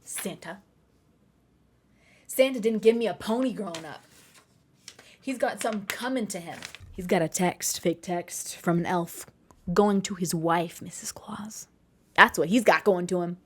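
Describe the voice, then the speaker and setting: A woman in her twenties tells a story to her vlog audience in a slightly low voice. She rambles along in a chatty way, full of asides and quick corrections. It sounds like an easygoing, personal storytime. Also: breathy edge. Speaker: vlogger.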